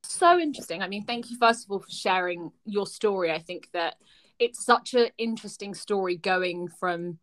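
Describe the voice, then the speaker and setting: A woman's voice: mid-range voice, expressive, moderate pace, a bit bright, dry recording. A woman hosting an interview, asking curious questions with hedging fillers. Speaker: interviewer host.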